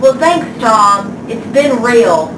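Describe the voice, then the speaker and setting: A smug male TV pundit, middle-aged and deadpan, rambling in a pompous way, as a woman puts him on with a fairly high voice. The voice sounds echoey, taken from across a room. Steady noise sits under it. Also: slow pace. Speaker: student playing an interview guest. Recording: echoey room from far off, noisy.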